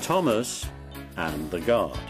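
A man reading a children's railway storybook aloud, slowly and expressively. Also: low voice, very animated. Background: background music.

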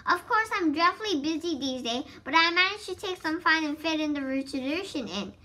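A woman reading aloud as a teasing young woman opera singer, in a halting read with some stumbles. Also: high-pitched, animated, pushed and bright. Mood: playful. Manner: reads haltingly, stumbling over words.

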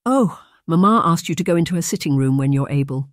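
A man's voice: a little high, expressive, fast talker, no echo, clean studio sound, lightly acted. A man doing a chirpy young girl. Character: cheerful young girl pupil.

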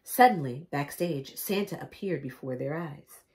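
Animated woman reading a picture book aloud. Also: sits low, measured pace. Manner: animated, chatty asides, laughs at own jokes. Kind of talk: picture-book read-aloud with chatty commentary.

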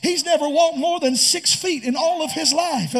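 Preacher doing a stubborn male donkey owner, high voice, protesting, incredulous, sermon scene. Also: normal speed, a bit bright. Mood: alarmed. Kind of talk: acted scene within a sermon.

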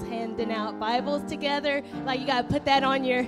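High-voiced woman pastor, playful. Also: steady tone, a little fast, few pauses, music in the background, a crowd in the background. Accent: African-American English. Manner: playful, chatty with the congregation, acts out inner voices. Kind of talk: casual, humorous sermon. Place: church sanctuary.

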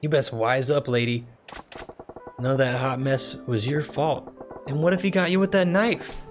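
A man reads in the voice of a tough male gangster who runs a club. He talks in a rough drawl, blunt and streetwise, in an ordinary mid-pitched voice. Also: moderate pace, faint music behind, natural voice. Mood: gruff, protective. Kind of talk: reading game dialogue aloud.

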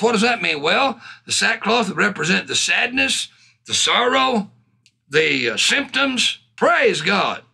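A man preaching a sermon with fervor, reading scripture slowly, laughing often and calling out hallelujah and praise God. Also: sits high, sing-song, gravelly, pushed and bright, slightly rough.

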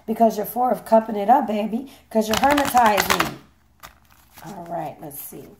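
A hoarse woman giving a chatty, playful tarot reading, swearing casually as she talks. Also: medium pitch, normal speed, heavy background noise. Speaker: tarot reader.

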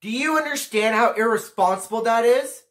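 A man's voice: very high voice, moderate pace, a bit bright. A teenage boy vlogging a casual rant to camera, ranking pet peeves in a profane, exasperated way. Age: teens.

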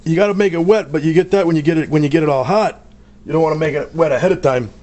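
A brash, joking man hosting a cooking show, bantering with the crew while he cooks. His voice sits a little high for a man. There is a faint hiss behind him. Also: racing, a little mellow. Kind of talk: casual cooking demonstration. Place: kitchen with grill.

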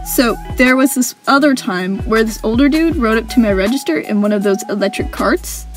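A woman's voice: fairly high pitch, expressive, normal speed, soft background music. A young woman narrating funny work stories with wry, sarcastic humor. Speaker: animation storyteller. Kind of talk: story-time narration.

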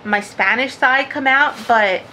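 Woman crafter vlogging from home, high-ish bright voice, chatty and giggly, lots of "like". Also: unhurried, a little hiss or hum, poor audio. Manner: chatty and rambling, laughs often, says "like" a lot. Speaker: crafting vlog host. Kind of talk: casual chat to camera.

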